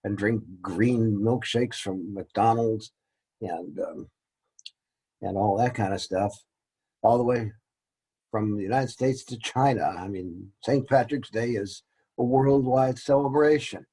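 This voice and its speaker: On a rough recording, a man with a fairly low, mellow, slightly rough voice speaks at a slow pace. He's giving a casual classroom-style lecture, rambling along and cracking jokes at his own expense.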